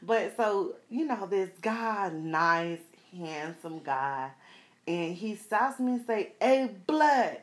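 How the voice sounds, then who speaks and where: A woman's voice: on the low side, slow pace. A woman in her thirties from South Florida, telling a personal story casually to viewers, with lots of laughter and slang. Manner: animated, laughs often, slangy, addresses viewers.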